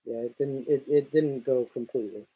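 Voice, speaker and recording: A man's voice: mid-range voice, brisk, breathy edge, narrow, tinny audio. A man on a casual podcast telling a long, profanity-laced anecdote in a rambling way. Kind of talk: casual storytelling chat.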